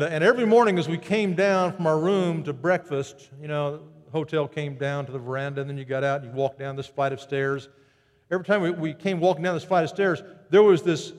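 A man preaching a sermon, animated and storytelling, who jumps his pitch up high to act out quoted greetings. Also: big-room sound. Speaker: pastor.

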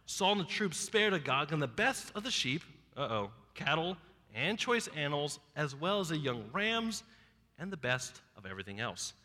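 A man preaching a sermon, retelling a Bible story with lively, acted-out asides. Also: on the high side, big-room sound. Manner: animated storytelling, acting out biblical characters. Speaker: pastor.

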